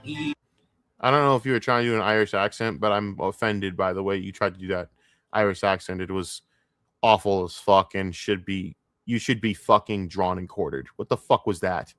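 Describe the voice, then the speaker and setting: A male streamer tears into what he's watching, swearing in nearly every sentence. His voice sits on the low side and sounds close and dry, with no room sound. The delivery is scornful, with sudden loud outbursts. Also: lively intonation, normal speed, dry recording. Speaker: streamer reacting to a documentary. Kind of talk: profane ranting commentary.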